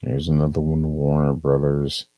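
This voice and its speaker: A man's voice: rumbling low, completely flat delivery, normal speed, warm tone, no room sound, soft background music. A man streaming a casual, profane movie review, rambling and leaning on "um" and "uh". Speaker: live streamer.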